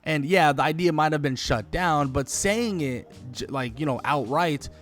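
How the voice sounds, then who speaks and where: A man giving casual video commentary on a game, rambling and enthusiastic, full of "like" and quick self-corrections. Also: a little high, soft background music. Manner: rambling and enthusiastic, heavy use of "like", corrects himself. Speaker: gaming video creator.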